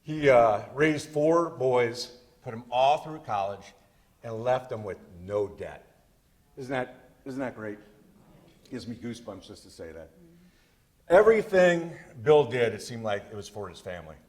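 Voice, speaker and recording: Male comic storyteller, lively pitch, folksy self-deprecating delivery, handheld mic. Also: a little slow. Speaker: storyteller speaker.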